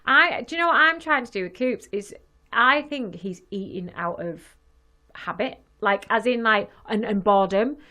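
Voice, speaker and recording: A woman, co-hosting a casual podcast, bubbly and quick to laugh. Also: fairly high pitch, lively intonation, sharp tone. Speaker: podcast co-host. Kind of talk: casual chat.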